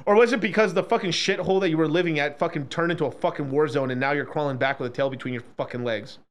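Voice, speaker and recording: A man ranting casually on a stream, profane and animated, swinging between loud outbursts and low mutters. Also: fast, a little hiss or hum.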